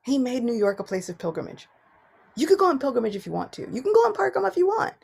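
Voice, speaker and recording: Woman, devotional class talk, animated storytelling, slightly high voice, gravelly. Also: racing. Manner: animated storytelling, swings between soft and loud. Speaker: class speaker.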